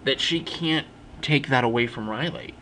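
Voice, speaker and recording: A man's voice: mid-range voice, normal speed, bright, forceful tone, a little hiss or hum, low-quality recording. A young man giving a casual spoken film review, rambling and often restarting or correcting himself mid-sentence.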